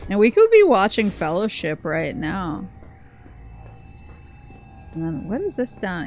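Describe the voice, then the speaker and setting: A woman's voice: mid-range voice, a little slow, pauses often, soft background music. A young woman streaming a game, rambling casually and reading game text aloud, laughing often. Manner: rambling, animated, laughs a lot. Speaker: vtuber streamer. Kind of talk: casual gameplay chat.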